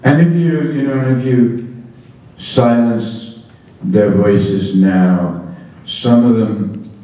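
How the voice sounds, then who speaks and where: A man's voice: on the low side, extremely slow, mellow. A man giving a talk about education to an audience, telling stories in a wry, amused way, recorded from a distance in an echoey hall. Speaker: education speaker.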